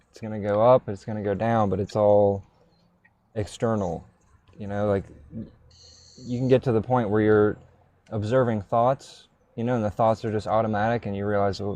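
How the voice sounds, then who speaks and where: A man hosts a casual online call-in chat, rambling loosely and swearing in anger. His voice is fairly low-pitched with a dark tone.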